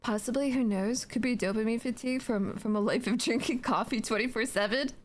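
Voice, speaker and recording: A young woman streaming from home on Twitch speaks in a fairly high voice at a fairly quick clip. Between yawns, she reads out chat messages and teases her viewers in loose, filler-heavy rambling.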